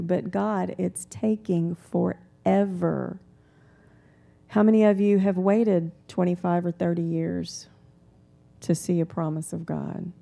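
A woman preaching a sermon in a calm, conversational way, weaving in personal stories. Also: on the low side, gravelly.

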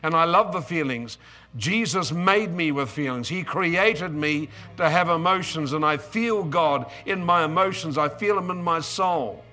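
A man's voice: on the high side, unhurried, bright, forceful tone, soft background music. A man in his seventies with an Australian accent, preaching an emotional, exuberant sermon with bursts of praise and repeated words.

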